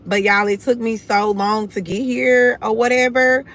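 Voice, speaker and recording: A woman's voice: fairly high pitch, fairly even intonation, unhurried, fairly bright tone. A young woman with a Houston accent, talking casually and bluntly to viewers on her own livestream. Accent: Southern US, Houston. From Houston, Texas. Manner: confident, blunt, addresses viewers as y'all. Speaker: livestream host.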